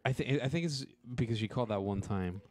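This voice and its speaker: A man co-hosting a podcast, making laid-back, low-key remarks in casual chat. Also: fast, a little mellow, no echo. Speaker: podcast co-host.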